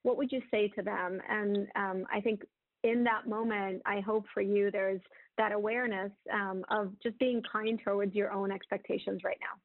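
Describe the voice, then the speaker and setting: A woman's voice: medium pitch, steady tone, normal speed, no echo. Woman speaker, chatty, fillers, tinny phone-like sound, dry. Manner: chatty, many fillers and "right?". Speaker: webinar speaker. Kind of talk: advice talk on a webinar.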